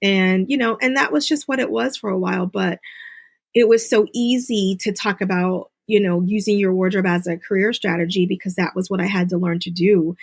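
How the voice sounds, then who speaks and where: A woman's voice: brisk, gravelly, breathy edge. Earnest woman telling her story. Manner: earnest storytelling, quotes others in high animated voices. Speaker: guest. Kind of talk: interview conversation.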